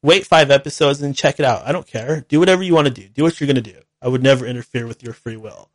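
A male talk-show host speaking straight into a studio microphone, voice dry and close with no room around it. His pitch sits in an ordinary middle range. He talks bluntly and repeats himself, moving between earnest apology and heated ranting. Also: fast, no echo. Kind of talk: solo call-in show monologue.

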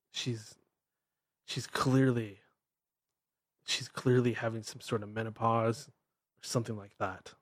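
On his own show, a man with a Pacific Northwest American accent delivers a blunt, irreverent ranting monologue as host. His voice is medium-pitched and husky, recorded without echo.

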